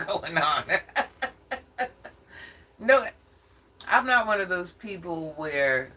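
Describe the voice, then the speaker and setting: Sassy older woman with a bright voice. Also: lowish voice, a little hiss or hum. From Atlanta. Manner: sassy, confrontational, laughs often. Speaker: social media commentator. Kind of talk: casual vlog rant.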